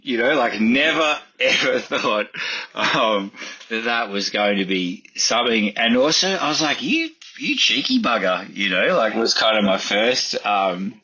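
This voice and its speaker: A man's voice: unhurried, sharp tone, breathy edge, muffled recording. A middle-aged man telling a story casually in an interview, rambling with many fillers and acting out quotes. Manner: rambling, lots of fillers, acts out quotes in a higher voice. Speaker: chef and podcast guest.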